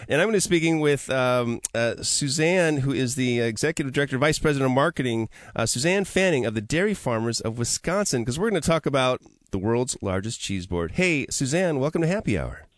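A man's voice: medium pitch, expressive, fairly quick, few pauses, no echo. A man hosting a casual radio talk show from a studio, upbeat and chatty, laughing easily. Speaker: radio host.

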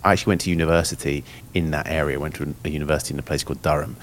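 A man's voice: a bass voice, steady tone, very fast, a little hiss or hum. A man, a guest on a casual podcast, chatting with enthusiasm and many fillers. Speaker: guest voice actor.

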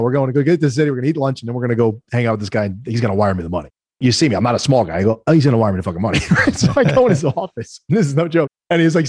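A man, a guest entrepreneur telling animated stories in a casual interview, acting out the voices of the people he quotes. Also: medium pitch, breathy edge, no echo, studio quality. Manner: animated storyteller, acts out quoted voices, frequent "right?".

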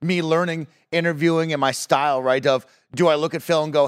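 A man's voice: fairly high pitch, steady tone, fairly quick, smooth. Earnest man arguing a gaming point. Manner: earnest, persuasive, leans on "right?". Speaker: co-host. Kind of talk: casual gaming news chat.

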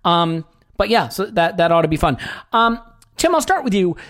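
A man's voice: sits high, sing-song, moderate pace, fairly bright tone. A man hosting a sports podcast, chatting casually in a wry, joking, rambling way. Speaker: podcast host.

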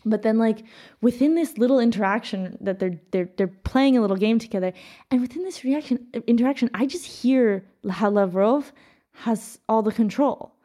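Mellow-voiced American woman, animated. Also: a little high. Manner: animated, many "like" fillers, quick asides. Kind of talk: casual conversation.

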